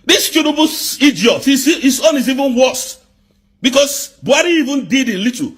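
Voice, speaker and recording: Shouting high-voiced woman. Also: animated, normal speed, husky. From southeast Nigeria. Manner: angry, accusatory, repetitive, often shouting. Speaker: political activist. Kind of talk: impassioned political rant.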